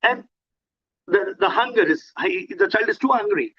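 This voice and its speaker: Man, Indian accent, fifties, high-pitched voice, dull video call sound, animated and repetitive. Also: a little fast, breathy edge. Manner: animated, repeats himself, acts out parents and children. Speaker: parenting speaker. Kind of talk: motivational talk on a video call.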